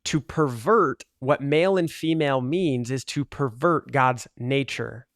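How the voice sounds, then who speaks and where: A man's voice: medium pitch, a little slow, dry recording, clean studio sound. A man talking earnestly and argumentatively in casual commentary over gameplay, with lots of "like" fillers. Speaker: gaming video creator.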